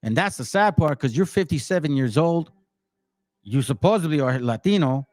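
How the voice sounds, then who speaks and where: A man's voice: a little high, lively intonation, moderate pace, a little mellow, dry recording. A man in his forties ranting as channel host, confrontational and slangy. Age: 40s. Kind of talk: heated rant to a commenter.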